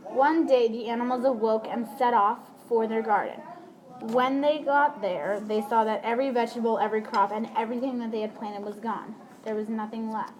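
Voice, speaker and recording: A woman's voice: a little high, steady tone, fairly quick, crowd noise. A woman reading a story aloud as one of several narrators, plain and careful. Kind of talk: group read-aloud narration. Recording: clear background noise.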